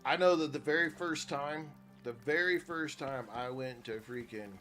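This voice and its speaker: A man's voice: a little high, normal speed, faint music behind. Profane storytelling middle-aged man. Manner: profane storytelling, loud when excited. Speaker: gaming streamer. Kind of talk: casual chat while gaming.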